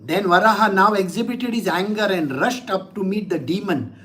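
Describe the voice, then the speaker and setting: A man's voice: high voice, moderate pace, a bit bright, poor audio. A man gives a scripture lesson as a spiritual teacher, reading verses and then explaining them casually. His talk is conversational and often broken by little chuckles.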